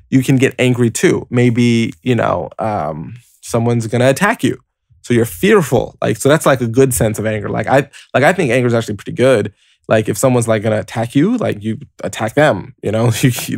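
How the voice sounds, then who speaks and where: A man's voice: mid-range voice, dry recording, clean studio sound. A man hosting a motivational podcast, talking casually and directly to the listener with lots of "like" and "you know". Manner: lively, conversational, heavy use of "like" and "you know"; explains step by step, addressing listener directly. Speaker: podcast host.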